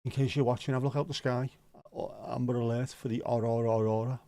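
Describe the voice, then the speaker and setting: A man's voice: medium pitch, flat delivery, fast talker, mellow, dry recording, studio quality. A man with a Scouse accent hosting a casual livestream, rambling and joking as he answers viewer comments, swearing now and then. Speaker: livestream host.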